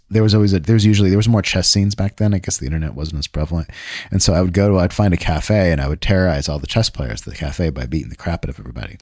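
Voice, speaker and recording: Man, deep low voice, rambling storyteller, profane, self-deprecating, dry close sound. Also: dry recording. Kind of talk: casual conversation.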